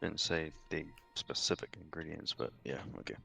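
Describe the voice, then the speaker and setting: Male player, very deep, gravelly, mumbly, faint music. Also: steady tone, normal speed, pushed and bright. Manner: mumbling, checking notes.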